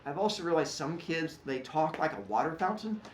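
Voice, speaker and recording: Animated, jokey male teacher. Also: on the high side, a little fast, reverberant, slight background noise. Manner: animated, jokey, acts out students. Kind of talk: classroom rules explanation.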